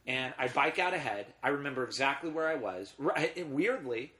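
A man's voice: mid-range voice, expressive, moderate pace, pushed and bright. Emotional middle-aged man telling stories. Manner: emotional, rambling storyteller with restarts. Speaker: guest. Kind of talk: casual conversation.

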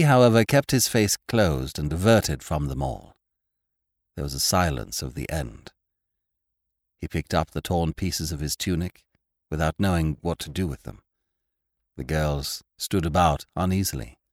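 A deep-voiced man reads a classic tale at an unhurried pace. His delivery is measured and expressive, with a lively rise and fall. The recording is close and dry, with no room sound. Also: no room sound. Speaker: audiobook narrator and podcast host. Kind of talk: scripted narration.

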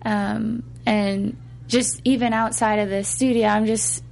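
A woman singer chats slowly and unhurriedly in an interview, pausing often and filling gaps with little hums and laughs. A faint hum sits behind her voice. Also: a little high, fairly even intonation, vocal fry, darkish tone. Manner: hesitant, pauses with many fillers, laughs easily. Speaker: singer guest. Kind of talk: casual interview chat.

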